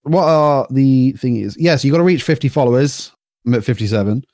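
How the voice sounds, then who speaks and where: A man's voice: medium pitch, lively intonation, brisk, darkish tone, no room sound, clean studio sound. A young man, co-hosting a casual podcast chat in a laid-back way. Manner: laid-back, short replies, laughs often. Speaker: podcast co-host.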